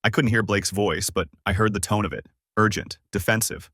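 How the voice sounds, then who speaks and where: A man reading a first-person story aloud in measured, scripted narration. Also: lowish voice, fairly even intonation, fairly bright tone, no echo, studio quality.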